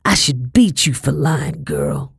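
A woman's voice: a bass voice, huge pitch swings, slow, vocal fry, slightly rough, no room sound, clean studio sound, full character voice. Woman voicing a curt, contemptuous slave owner. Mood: cold, commanding. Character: harsh grown man, a slave owner.

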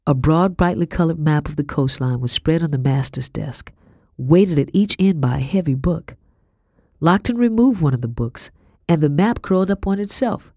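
A woman narrating a historical novel in first person, in a measured storytelling manner. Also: sits low, mellow, dry recording, clean studio sound. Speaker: audiobook narrator.

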